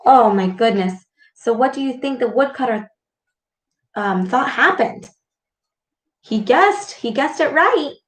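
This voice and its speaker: A woman reading a storybook aloud to children, expressive and full of gasps and exclamations. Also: fairly high pitch, slow, long pauses. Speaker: speech clinician reading to children. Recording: echoey room.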